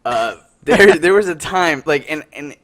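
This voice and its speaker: A young man co-hosting a casual podcast chat, telling stories with lots of fillers, swearing and animated quoted voices. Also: on the high side, a little slow. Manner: animated, swearing, lots of "like" and "you know what I mean". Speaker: podcast co-host.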